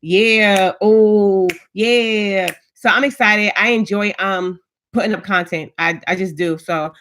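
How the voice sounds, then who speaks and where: A woman's voice: mid-range voice, steady tone, slow, fairly bright tone. A woman in her thirties hosting a live stream, chatting casually and greeting viewers by name with frequent restarts. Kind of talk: casual livestream chat.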